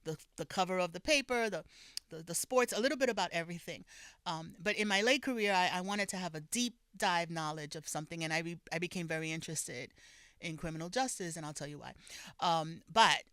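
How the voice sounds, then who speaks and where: A woman's voice: lowish voice, a little fast, dry recording. Older bronx lady w a new telling old stories, laughs a lot, dry close sound. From the Bronx, New York, of Puerto Rican parents. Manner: warm storyteller, laughs often, restarts phrases, mixes in Spanish. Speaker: guest author. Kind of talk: relaxed conversational storytelling.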